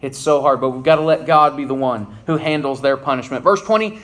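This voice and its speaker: A man preaching a sermon, reading scripture and then explaining it earnestly and emphatically, often dropping low at the ends of phrases. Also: fairly quick, few pauses, a bit bright.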